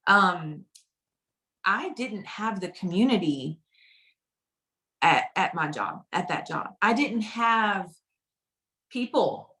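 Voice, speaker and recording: A woman's voice: fairly low pitch, unhurried, pauses often, a bit bright. A woman consultant telling her personal story in a casual, chatty way, often repeating phrases for emphasis. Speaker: direct sales consultant.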